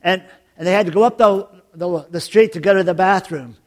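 A man preaching a sermon as pastor, telling jokes and stories in an animated way. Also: high voice, brisk. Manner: joking, animated storytelling with laughs.

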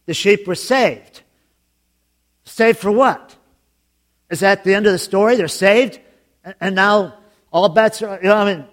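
A man preaching a sermon as pastor, telling jokes and stories in an animated way. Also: high voice. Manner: joking, animated storytelling with laughs.

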